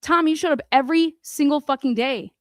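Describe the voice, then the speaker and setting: A woman's voice: high-pitched, brisk, no room sound, studio quality. A woman giving angry, profane commentary on a court case, firing rhetorical questions straight at the people she talks about. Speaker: commentary host.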